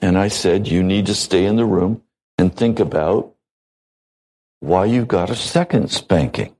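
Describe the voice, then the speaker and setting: A man delivering a sermon from the pulpit, in the unhurried, measured manner of a seasoned pastor. His voice sits a little low and he leaves deliberate pauses between short phrases. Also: animated, darkish tone, poor audio.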